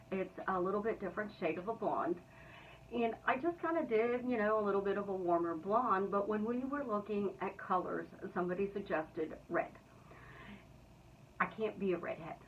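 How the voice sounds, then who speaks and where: A woman coaching viewers in a light, playful vlog. Her voice sits at an ordinary middle pitch and sounds a little far from the mic. The recording is dull and lo-fi. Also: a little hiss or hum. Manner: playful and upbeat. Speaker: manifestation coach. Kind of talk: casual vlog teaching.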